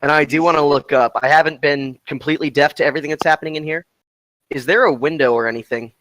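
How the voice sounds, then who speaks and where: Deliberate man describing his moves. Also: a little high, fairly even intonation, a bit bright, no room sound, low-quality recording. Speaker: player. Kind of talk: tabletop game play.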